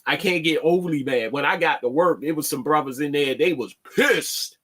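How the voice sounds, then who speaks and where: A man hosting an online show, talking in a casual, halting monologue and restarting his words often. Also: a little high, a bit bright. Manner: plainspoken, slangy.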